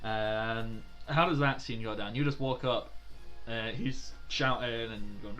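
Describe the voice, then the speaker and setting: A man's voice: medium pitch, a little slow, a bit bright, faint music behind. A man narrating as game master of a tabletop role-playing game, chatty with frequent fillers and laughs.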